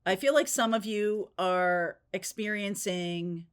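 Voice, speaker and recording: A woman's voice: medium pitch, slow pace, hardly any pauses, clean tone. A woman giving a spontaneous tarot reading, talking in a chatty, rambling way and often checking in with "okay?" and "right?". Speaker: tarot reader.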